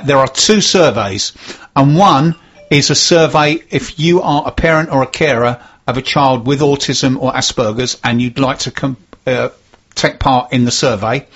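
A man with a husky voice presents on local radio, reading community notices in a steady, measured way. The sound is dull and lo-fi, with a muffled, narrow tone. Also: mid-range voice.

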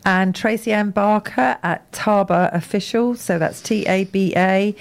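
A woman co-hosting a casual local radio show, chatty and quick to poke fun at herself. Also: mid-range voice, gravelly. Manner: chatty, self-mocking. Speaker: radio co-host.

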